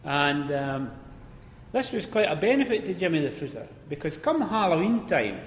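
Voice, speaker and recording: A man's voice: a little high, moderate pace. Scottish man, easygoing storyteller, roomy hall, faint background hum. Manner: conversational, relaxed, repeats words as he goes. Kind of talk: spoken anecdote of mining days. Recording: echoey hall with faint ambience.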